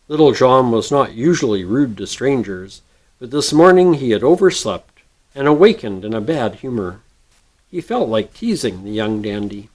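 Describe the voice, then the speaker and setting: A man reading a storybook chapter aloud with expressive narration. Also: mid-range voice, moderate pace.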